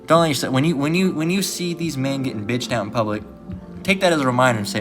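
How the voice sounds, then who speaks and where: A man's voice: mid-range voice, lively intonation, rapid-fire, music in the background. A man giving a casual religious lesson in a blunt, profane way, often tagging his points with "all right". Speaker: religious teacher.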